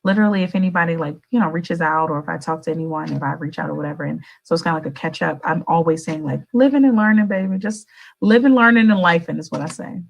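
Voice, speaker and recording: Animated chatty woman radio host. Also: low voice, racing, vocal fry, few pauses, dull audio. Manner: animated and chatty, swooping up for emphasis; addresses listeners directly and affectionately. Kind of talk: casual motivational monologue.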